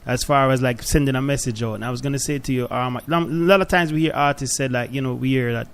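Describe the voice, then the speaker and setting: Fast-talking, hesitant male interviewer. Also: mid-range voice, clear, resonant tone. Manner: hesitant and loose, filling with "like" and "you know". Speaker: radio co-host interviewer. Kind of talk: radio interview questions. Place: radio studio.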